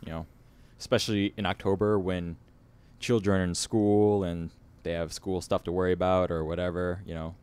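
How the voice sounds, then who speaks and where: A man's voice: low voice, level tone, normal speed, a little mellow, clear, resonant tone. A man co-hosting a podcast in casual chat, laid-back, chuckling often and trailing off. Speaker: podcast co-host.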